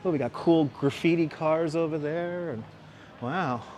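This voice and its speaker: Ny guy streaming a walk outside, clip-on mic, bit of traffic noise behind, slightly high voice. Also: unhurried, a little mellow. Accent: New York. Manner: chatty, reads out viewer names and signs. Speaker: live-stream host. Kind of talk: casual live-stream walking tour. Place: outdoor city walkway at evening. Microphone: wireless clip-on mic.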